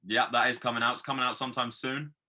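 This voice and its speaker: Very bright-toned podcast host. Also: male voice, medium pitch, little pitch movement, fast. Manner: friendly, hesitant, repeats words. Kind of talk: casual podcast interview.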